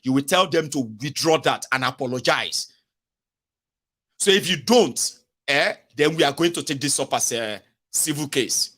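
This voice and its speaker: A middle-aged man with a Nigerian accent hosting a live-stream political commentary show, animated and sarcastic. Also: on the high side, moderate pace. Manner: animated, sarcastic, drops into mock voices. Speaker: host.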